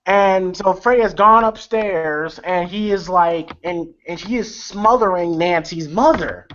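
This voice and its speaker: A man's voice: high voice, measured pace, fairly bright tone. A man recapping a film in a loose, rambling way, with lots of fillers, swearing and chuckles. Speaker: movie reviewer. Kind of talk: casual movie recap. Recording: lo-fi with faint noise.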